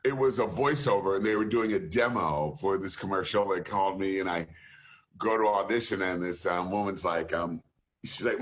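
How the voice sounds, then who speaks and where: A man's voice: low voice, moderate pace. A man, a voice actor, telling an anecdote on a remote call through his computer mic, laughing as he goes. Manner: lively storyteller who laughs and slips into voices. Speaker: voice actor guest.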